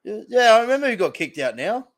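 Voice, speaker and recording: Hosting a live stream watch-along, a young Australian man talks fast in a high voice with big pitch swings. He chats casually, reacts to plays, and rambles from topic to topic.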